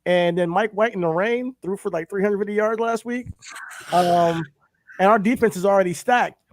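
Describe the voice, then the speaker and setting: A man's voice: high voice, normal speed, no echo, clean studio sound. A young man co-hosting a podcast, chatting casually about sports and boasting that his team will win, often repeating himself.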